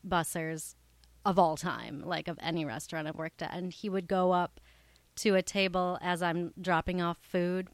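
A young woman chats playfully as host of a comedy podcast, giggling often between stories. She talks slowly, and her voice sounds dry and close. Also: mid-range voice, no echo. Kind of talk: casual comedy podcast chat.

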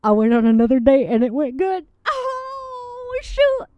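A woman's voice: extremely high pitch, a little slow, darkish tone, no room sound, pitched above the performer's own voice. A woman playing a folksy, lovestruck woman who rambles, gushes and gets tearful in a comedy bit. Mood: gushing. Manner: rambling, gushing, tearful, dialect-heavy. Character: folksy lovestruck Southern woman, giddy and emotional. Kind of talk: improvised comedy character bit. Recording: dull lo-fi recording.

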